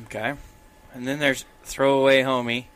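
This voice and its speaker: A man's voice: mid-range voice, flat delivery, moderate pace, fairly bright tone, clean tone. A man telling a work story to friends in casual chat, swearing freely and acting out what people said. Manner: swears a lot, acts out quotes animatedly.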